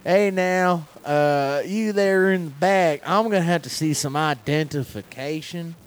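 A man voicing a stern male highway cop with a slow, authoritative drawl. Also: smooth, close to an everyday voice.

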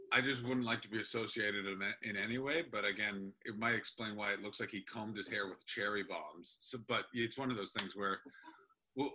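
Bright-voiced man telling a story. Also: mid-range voice. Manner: animated storyteller, self-interrupting. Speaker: comedian guest. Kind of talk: casual remote interview.

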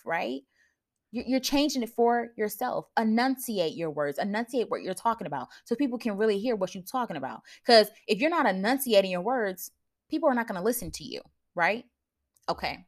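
A young adult woman hosting a podcast, giving blunt, preachy advice in casual slang, often laughing and asking listeners if they follow. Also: medium pitch. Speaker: podcast host.

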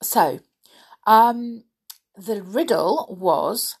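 A woman in her thirties hosting a show for children, speaking gently and slowly with many pauses and fillers. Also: lowish voice, very animated, vocal fry, breathy edge. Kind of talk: casual chat to children.

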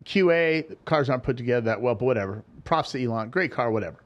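A man's voice: medium pitch, expressive, fast talker, lo-fi sound. A man hosting a casual podcast chat, telling stories animatedly with frequent stumbling restarts.

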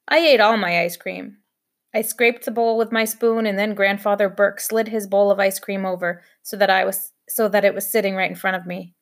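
Woman reading a children's novel aloud. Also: medium pitch. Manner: steady first-person storytelling. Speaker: audiobook reader.

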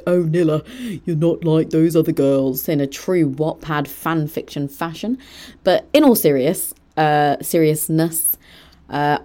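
A woman's voice: low voice, dark tone. A young woman hosting her own podcast, talking chattily on her own with gushing asides and self-mocking jokes. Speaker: podcast host. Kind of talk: solo podcast monologue.

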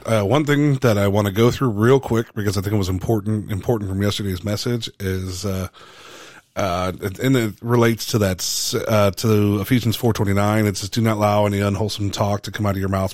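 A man, a pastor, giving a casual church talk in a relaxed way, halting often with fillers and restarts. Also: on the low side, no echo, clean studio sound.

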